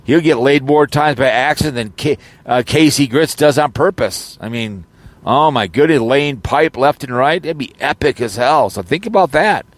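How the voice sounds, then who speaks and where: A man's voice: medium pitch, lively intonation, normal speed, no echo. A man rambling casually in an audio vlog, joking around with lots of fillers and false starts, recorded in his car. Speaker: YouTuber.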